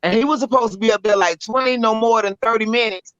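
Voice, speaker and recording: A Southern woman spins a story in a bright, forceful voice, blunt and animated, with salty language. The audio is dry and dull, like a lo-fi podcast mic close up. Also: on the high side, fast talker, no room sound. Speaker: spoken word poet, guest. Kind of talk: casual storytelling. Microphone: podcast microphone.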